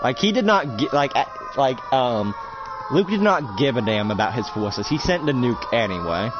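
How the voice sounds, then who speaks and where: A man's voice: mid-range voice, animated, moderate pace, background noise. Rambling man narrating a roleplay. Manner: rambling, many fillers and restarts. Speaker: game master narrating a roleplay. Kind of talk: casual improvised storytelling. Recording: dull lo-fi mic with music behind.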